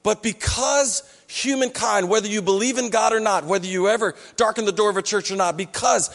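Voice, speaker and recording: A male pastor's high-pitched, creaky, fairly bright voice moves a little fast through a sermon in a church hall. He speaks conversationally and performs quoted lines as the people who said them.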